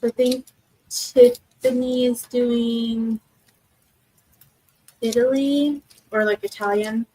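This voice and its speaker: Her voice is slightly high and dark in tone, with fairly even intonation; she speaks slowly and pauses often, and the recording quality is low. She's a young livestream host at her home desk, casually talking with the live chat, rambling through plenty of fillers and false starts.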